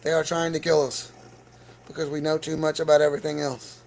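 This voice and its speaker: A man's voice: on the high side, flat delivery, brisk, vocal fry, slight background noise, poor audio. A man hosting a livestream from home, ranting in a profane, agitated, rambling way. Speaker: livestream host. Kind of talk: casual livestream rant.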